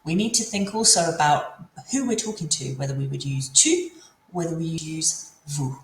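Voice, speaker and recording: Woman, mid-pitched teacher, patient and repetitive explainer, roomy recording with light background ambience. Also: moderate pace, slight background noise. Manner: patient, repeats and models French phrases. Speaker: French teacher. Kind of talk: explanatory language lesson. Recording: echoey room, faint ambience.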